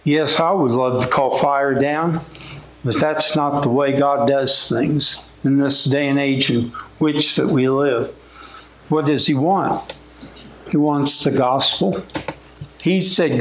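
A man preaching a sermon in a folksy, conversational way. He speaks slowly and deliberately, and his high voice climbs whenever he quotes scripture. The room around him rings with echo. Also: a little hiss or hum.

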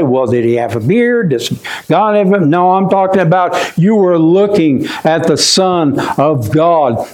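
A man preaching a sermon in a folksy way, often saying "my friend" and dropping his voice low and quiet when he is moved. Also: rough recording. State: choked up.

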